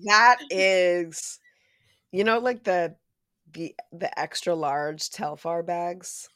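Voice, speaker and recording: A fairly low-voiced woman trades jokes in a casual podcast chat, recorded close and dry with no room sound. She is blunt, swears freely and thinks out loud with plenty of fillers. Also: fairly even intonation, slow pace, no room sound. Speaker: podcast co-host.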